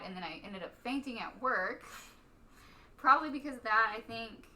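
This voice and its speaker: A woman from Texas, a stand-up comic, chatting as a podcast guest in a rambling way, full of "like" and quick laughs. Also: mid-range voice, pushed and bright, distant mic. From Stephenville, Texas. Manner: rambling, heavy use of "like", laughs often. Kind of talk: casual podcast chat.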